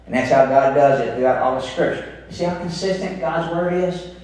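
Folksy Kentucky pastor in an echoey sanctuary. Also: male voice, on the high side, fairly quick, a little mellow. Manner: folksy, storytelling, emphatic preaching. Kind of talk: sermon. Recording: echoey room, voice picked up from a distance.

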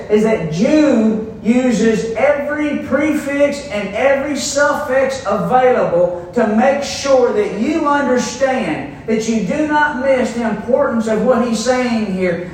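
A man preaches a sermon, walking his listeners through a Bible verse in a slow, deliberate teaching manner. His voice sits high for a man. He sounds far from the mic, in a very echoey church hall. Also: a little hiss or hum. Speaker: pastor.

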